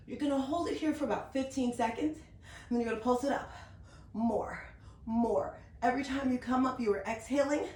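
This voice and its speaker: A woman's voice: mid-range voice, a little hiss or hum. A woman fitness instructor talking viewers through a workout on a mat at home, upbeat and encouraging, a little out of breath. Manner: upbeat, encouraging, talks while demonstrating. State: slightly out of breath. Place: room at home on an exercise mat. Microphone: camera mic at a distance. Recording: echoey room, distant camera mic.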